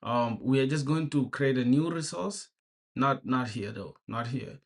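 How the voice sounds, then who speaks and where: A man's voice: mid-range voice, measured pace, creaky. Slangy young man live-coding on stream. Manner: laid-back and slangy, greeting viewers by name and thinking aloud. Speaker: programmer streaming his coding. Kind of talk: casual live-stream commentary.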